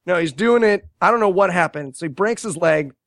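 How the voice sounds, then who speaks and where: A man casually retelling a movie's scenes with sarcastic jokes, animated and quick to mock. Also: high voice, no room sound. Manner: sarcastic, animated storytelling with quoted asides. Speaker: podcast co-host reviewing a movie. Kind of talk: casual comedic movie review chat.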